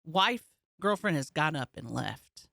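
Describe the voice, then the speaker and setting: Woman, podcast co-host, animated storyteller, bright tone, very dry close sound. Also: low voice, measured pace, creaky, no echo. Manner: animated storytelling, acts out the people she talks about. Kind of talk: casual podcast chat.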